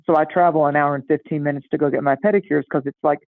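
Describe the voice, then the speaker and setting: A middle-aged woman chatting casually and telling a lively story, acting out the voices of the people in it. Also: deep voice, fast talker, creaky, no echo. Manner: animated, acts out voices in anecdotes. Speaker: astrology guest. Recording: tinny phone-like line, dry.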